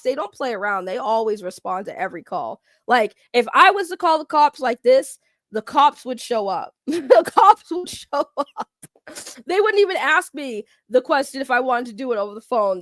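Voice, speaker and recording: High-voiced Boston woman chatting. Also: a bit bright, dry recording, clean studio sound. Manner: chatty, laughing, frequent restarts. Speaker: streamer host. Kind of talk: casual livestream chat.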